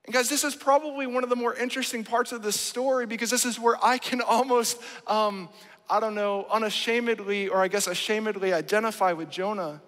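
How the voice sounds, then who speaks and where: A man delivers a sermon from the pulpit, emphatic and conversational, often turning to the congregation for a quick nod of agreement. His voice sits high for a man, and it rings out with a long reverb through the church sanctuary. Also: steady tone, a bit bright. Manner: emphatic, keeps asking the congregation "right?". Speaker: pastor.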